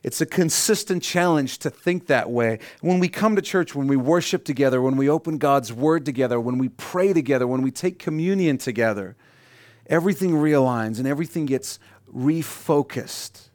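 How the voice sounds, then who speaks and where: A middle-aged man preaching a sermon as pastor, rising to emphatic peaks and dropping to quiet asides. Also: mid-range voice, expressive, moderate pace, no room sound, studio quality.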